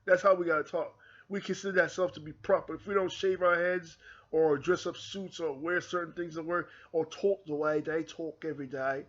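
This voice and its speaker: This UK-born channel host, who has an American accent, addresses viewers in an impassioned, repetitive monologue to camera. His voice is on the high side, with a steady, fairly bright tone at a moderate pace, captured in a dull lo-fi recording.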